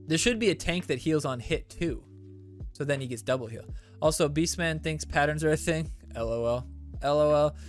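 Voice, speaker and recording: A man's voice: a little high, normal speed, soft background music. Joking, profane male streamer. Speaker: streamer host. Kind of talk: casual stream chat reading comments.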